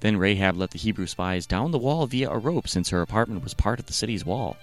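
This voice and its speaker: A man narrates a satirical retelling of a scripture story in a deadpan, sardonic manner. His voice is low but moves up and down a great deal. Faint music runs underneath. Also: brisk.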